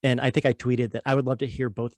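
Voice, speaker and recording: A man's voice: medium pitch, little pitch movement, quick pace, a little mellow, dry recording. Man asking casual interview questions, dry sound. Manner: rambling, restarts phrases while praising. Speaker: podcast host.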